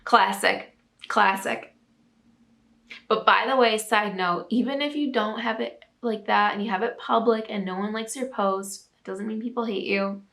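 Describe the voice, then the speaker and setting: A woman's voice: mid-range voice, steady tone, normal speed, vocal fry, a bit bright. A young woman hosting a casual talk segment, bubbly and chatty with lots of filler words. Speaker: host reading viewer submissions. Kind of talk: casual chat and reading aloud.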